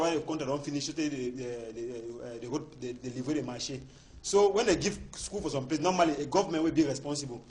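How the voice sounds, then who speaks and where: A man's voice: fairly high pitch, darkish tone. A man from Cameroon speaking Cameroonian Pidgin English as a panelist in a heated studio debate, emphatic and repeating words as he builds his points.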